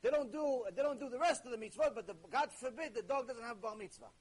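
A man delivering a recorded religious ethics lesson, talking to his listeners in an animated, conversational way. His voice is husky and pitched high. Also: fast, low-quality recording. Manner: animated, conversational, with sudden jokes. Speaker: religious teacher.

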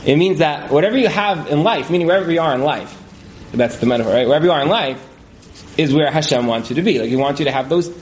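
A man with a slightly higher voice speaks to a seated audience, chatting more than lecturing. His talk is loose and full of fillers, broken up by small chuckles. The room is echoey, with faint noise in the background. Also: animated, fast talker. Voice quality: frequent fillers and chuckles, conversational. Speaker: speaker at a community event. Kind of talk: casual storytelling talk to an audience.

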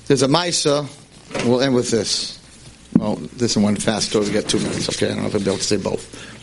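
A man teaching a class, telling a tale in an animated, emphatic way. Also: on the low side, a little fast, gravelly, background noise. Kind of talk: storytelling lecture.

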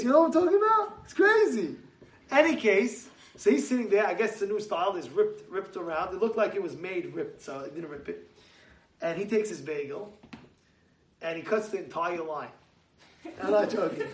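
A man's voice: high voice, moderate pace. A man giving a casual Torah talk to a congregation, telling stories and acting out quotes with a raised voice. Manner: animated, acts out quotes with raised voice. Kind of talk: casual sermon with storytelling. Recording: echoey room from far off.

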